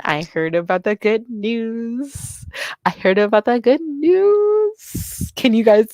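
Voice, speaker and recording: A young adult woman streaming live, chatting casually and excitedly with her viewers and reading their messages aloud. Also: mid-range voice, no echo. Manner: bubbly, excitable, reads chat aloud.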